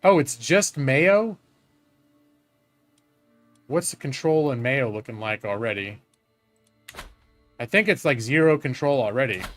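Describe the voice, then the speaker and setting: A man's voice: mid-range voice, expressive, unhurried, long pauses, a bit bright, faint music behind. A man casually commenting while he plays a strategy game live, swearing now and then and talking to his chat. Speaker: streamer playing a strategy game.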